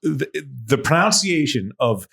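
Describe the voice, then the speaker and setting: Animated giggling man telling stories. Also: mid-range voice, unhurried. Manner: animated, mimics voices, swears, giggles. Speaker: podcast co-host. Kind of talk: casual storytelling chat.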